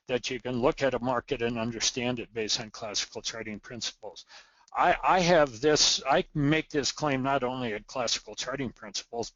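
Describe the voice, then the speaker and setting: A man explains trading charts in an earnest, emphatic teaching voice, leaning on the words he wants to stress and restarting a phrase now and then. His pitch sits at an ordinary middle level. The sound is close and dry but a little dull and lo-fi. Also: a bit bright, no echo. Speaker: trading educator. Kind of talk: recorded market lesson.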